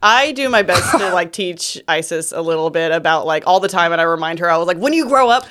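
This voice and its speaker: A woman's voice: fairly low pitch, fast, clean tone. Blunt, foul-mouthed woman telling stories. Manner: blunt, profane, animated storytelling. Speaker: podcast co-host. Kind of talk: casual chat.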